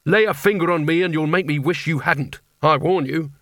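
A man's voice: on the high side, a little fast, fairly bright tone, no room sound, studio quality. A man voicing a nervous, cowardly male wizard who talks in anxious, pleading bursts. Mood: nervous bluster.

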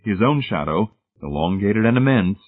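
A man reading a suspenseful story aloud in a measured, scripted narration, heard over a tinny, phone-like recording. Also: lowish voice, lively intonation. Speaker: audiobook narrator.

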